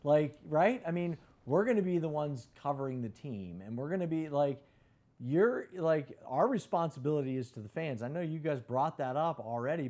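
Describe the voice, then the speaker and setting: A man on a podcast with a warm, mellow voice and a fair bit of lift in it. His pitch swings widely while he makes his point in an emphatic, casual way. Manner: emphatic, jumps in to add a point. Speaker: sports media member, podcast guest. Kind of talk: casual chat.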